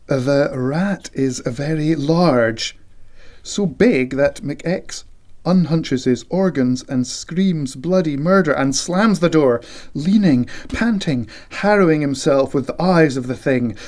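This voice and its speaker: A man reading a novel aloud with dramatic, deliberate delivery and whispered sound effects. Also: fairly high pitch, lively intonation, a little mellow. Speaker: audiobook reader. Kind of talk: expressive literary reading.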